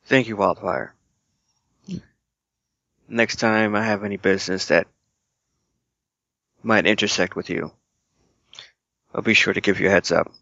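A man playing a tabletop game, speaking in character in a slow, measured, composed way. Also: fairly low pitch, steady tone, gravelly, sharp tone, no room sound, lo-fi sound. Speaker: player. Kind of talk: in-character role-play.

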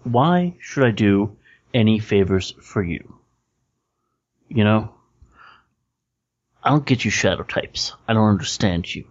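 A bitter, proud gang leader with a lowish voice, as a game master puts him on, lecturing with open scorn. The audio is dull and lo-fi. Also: male voice.

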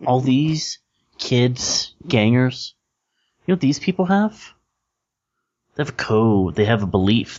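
A bitter, proud gang leader with a lowish voice, as a game master puts him on, lecturing with open scorn. The audio is dull and lo-fi. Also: male voice, a little mellow, slightly rough, exaggerated voice.

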